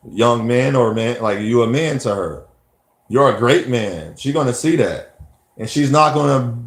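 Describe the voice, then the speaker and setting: A man giving a rambling, repetitive motivational monologue as a vlogger sharing life advice. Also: medium pitch. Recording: echoey room.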